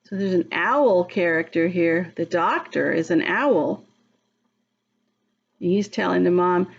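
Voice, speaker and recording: A woman reading a picture book aloud to young children, gently pausing to ask them questions. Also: fairly low pitch, creaky, husky, highs cut off. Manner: slow, gentle, asks the listener questions. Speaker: early-childhood reader.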